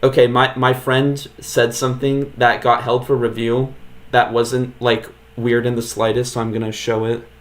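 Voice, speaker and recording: A man's voice: medium pitch, level tone, normal speed. A man streaming a video game, chatting casually with viewers in a laid-back, filler-heavy way. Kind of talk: casual live-stream commentary.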